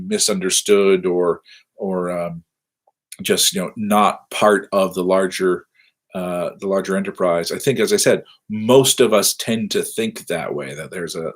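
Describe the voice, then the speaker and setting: A middle-aged man giving a casual live-streamed university lecture from his office, rambling and self-deprecating with lots of fillers. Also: fairly low pitch.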